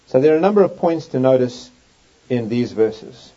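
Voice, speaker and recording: A man's voice: medium pitch, lively intonation, moderate pace, warm tone. A man preaching a Bible teaching sermon, reading scripture aloud with emphatic, swooping delivery. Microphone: overhead projector in use, lecture setting. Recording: dull lo-fi recording.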